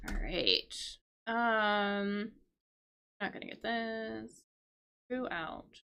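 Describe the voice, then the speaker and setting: A woman's voice: medium pitch, animated, very slow, bright, forceful tone, dull audio, a little hiss or hum. A woman teaching English vocabulary on a live stream, explaining words patiently, checking in with "right?" and answering her chat.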